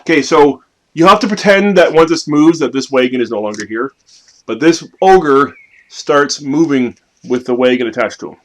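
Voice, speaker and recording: A man's voice: mid-range voice, moderate pace. Man running a family tabletop game. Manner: lively, playful narration with sudden loud bursts. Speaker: game master.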